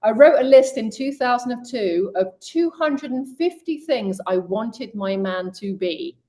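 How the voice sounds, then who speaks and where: A middle-aged woman in an interview, telling her own story and speaking straight to women listeners. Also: measured pace. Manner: lively storyteller who voices quoted people with raised pitch; direct, addresses women listeners. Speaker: guest coach.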